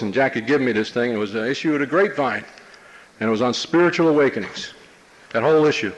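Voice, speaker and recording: A man's voice: medium pitch, low-quality recording. Wry streetwise man telling his story. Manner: streetwise, wry, conversational with many "you know"s. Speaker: recovery meeting speaker. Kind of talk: personal story talk to a meeting. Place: meeting room before an audience.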